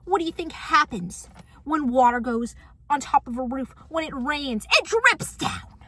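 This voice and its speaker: A woman's voice: high voice, normal speed, a bit bright, no room sound. A young woman telling a story on her couch in a sassy, dramatic, mocking vlog style. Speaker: vlogger. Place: apartment living room.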